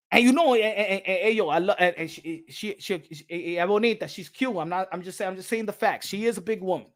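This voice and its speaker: A man's voice: very high voice, a bit bright. A man commenting on boxing in a rowdy, joking rant who repeats himself and laughs often. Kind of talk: casual rant.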